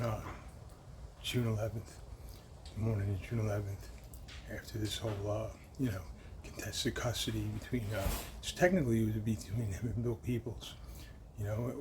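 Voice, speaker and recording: A man's voice: lowish voice, background noise. A man telling a personal account into his phone, agitated and rambling, with frequent restarts, repeats and swearing. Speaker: grieving son recounting events.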